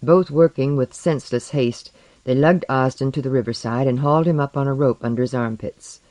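An audiobook narrator reading fiction in a measured, deliberate storytelling manner. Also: medium pitch, darkish tone, no echo, poor audio.

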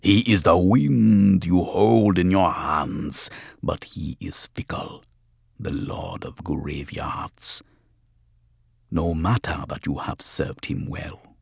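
Guy putting on a creepy spirit voice talking thru a girl, super slow and gluey, kinda husky, dry sound. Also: low voice, steady tone, a little mellow, no echo, full character voice. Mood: ominous prophecy. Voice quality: thick, glutinous voice. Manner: slow, drawn-out, prophetic menace. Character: slow, deep-voiced spirit possessing a young woman. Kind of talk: audiobook reading.

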